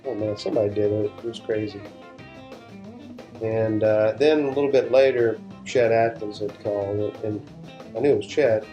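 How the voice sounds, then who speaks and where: With soft music in the background, a session guitarist speaks at a normal speed in a lowish, dark-toned voice. As an interview guest he chats casually, telling meandering stories and often starting sentences afresh.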